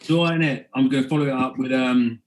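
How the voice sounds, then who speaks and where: A man's voice: medium pitch, fairly even intonation, brisk, low-quality recording. A man co-hosting a casual podcast, laid-back and jokey, talking while eating. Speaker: podcast co-host. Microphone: home podcast mic, remote call.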